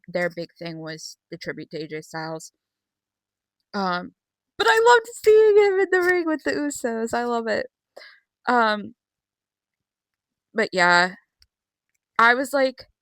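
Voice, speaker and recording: Excitable, sweary girl with a bright voice. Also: mid-range voice, no echo. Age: young. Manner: rambling, excitable, swears often, many fillers. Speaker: vlogger. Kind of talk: casual recap vlog.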